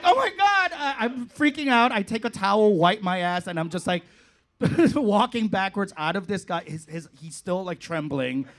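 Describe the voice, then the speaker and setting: A man doing a stand-up comedy set in a club, telling a story with animated delivery, acting out his own reactions and laughing through lines. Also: high voice.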